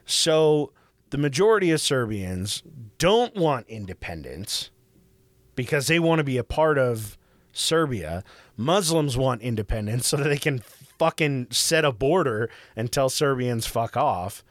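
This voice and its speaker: A man hosting a podcast, telling history in a casual, profane, animated way. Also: medium pitch, unhurried, no room sound. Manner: profane, animated, acts out quoted voices. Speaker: podcast host.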